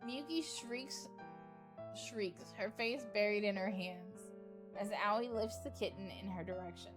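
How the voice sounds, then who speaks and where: A woman's voice: mid-range voice, a little slow, music in the background. A woman streamer narrating a game playthrough in a playful manner, reading the dialogue aloud.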